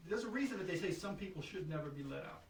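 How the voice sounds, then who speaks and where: A man's voice: high-pitched, lively intonation, quick pace, a little hiss or hum. A man hosting a casual podcast chat, telling prison stories with many stammered restarts. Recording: roomy, from a distance.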